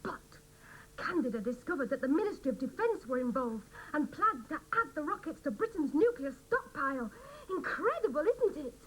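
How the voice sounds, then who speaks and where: An actress playing an eager, gullible do-gooder in a sitcom, earnest and gushing. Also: female voice, sits high, very animated, moderate pace, low-quality recording. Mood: thrilled. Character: eager, gullible do-gooder woman who craves excitement. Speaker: refuge resident. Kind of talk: 1980s TV sitcom acting. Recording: hissy old TV soundtrack.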